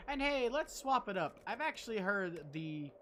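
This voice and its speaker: Lively, profane, joking game streamer. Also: mid-range voice, moderate pace, slight background noise. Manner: joking, profane, self-deprecating. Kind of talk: casual gameplay commentary.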